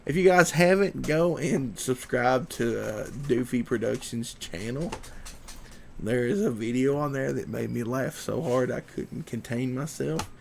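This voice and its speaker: A man hosts a live podcast in loose, rambling talk, stopping to read viewer comments aloud. His voice sits in an ordinary middle pitch with a gravelly, crackling edge. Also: unhurried, a little mellow. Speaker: livestream podcast host. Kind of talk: casual livestream chat.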